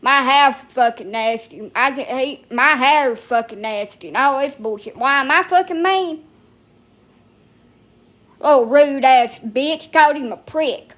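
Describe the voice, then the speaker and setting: A fired-up woman venting on a phone livestream, her voice sitting up high. She curses constantly, snaps back at her viewers and drawls her complaints with attitude. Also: measured pace, fairly bright tone. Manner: profane, heated, sassy, talks back to viewers. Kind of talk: ranting live stream.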